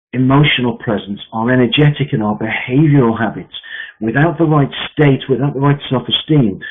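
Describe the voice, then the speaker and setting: A man's voice: on the low side, slight background noise. A man coaching a group on sales mindset, emphatic and repetitive with frequent fillers. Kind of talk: coaching session talk. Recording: tinny phone-like line.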